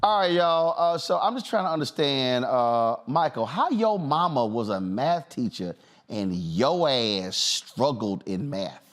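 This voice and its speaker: A man's voice: medium pitch, very animated, a little slow. A male talk show host ribbing his panel in slangy, joking banter, interrupting often.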